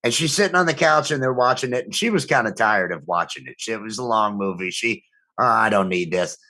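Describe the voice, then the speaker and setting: A man's voice: fairly low pitch, expressive, a little fast, sharp tone. A middle-aged man co-hosting a podcast, telling rambling, profane family stories in casual chat with lots of restarts. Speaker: podcast co-host.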